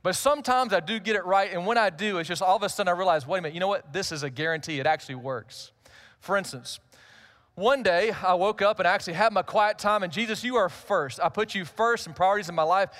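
A man's voice: sits high, quick pace, fairly bright tone. A middle-aged male pastor, telling a humorous personal story in a conversational sermon.

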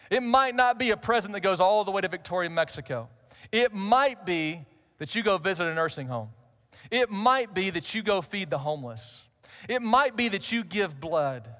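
A man's voice: high voice, fairly bright tone. A middle-aged male pastor, telling a humorous personal story in a conversational sermon.

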